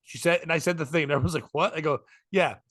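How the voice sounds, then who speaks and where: A man's voice: a little high, fast talker, fairly bright tone, breathy edge, no room sound, clean studio sound. A man, a stand-up comic hosting a podcast, rambling through a story with profanity and acted-out quotes. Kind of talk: casual storytelling chat.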